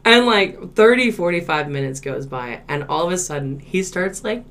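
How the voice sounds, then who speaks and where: A young woman, telling a story in casual podcast chat, laid-back and swearing, loud when she acts out quotes. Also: lowish voice, lively intonation, moderate pace. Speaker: podcast co-host.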